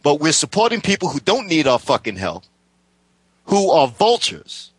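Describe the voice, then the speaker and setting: A man's voice: on the high side, wildly swooping pitch, normal speed, husky, no echo. A man in casual political chat, ranting heatedly and swearing constantly.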